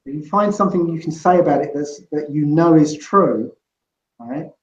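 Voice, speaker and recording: A man's voice: fairly high pitch, moderate pace. Man with a roomy, muffled sound. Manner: rambling, full of "you know" and "right?". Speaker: guest. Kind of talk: casual interview chat.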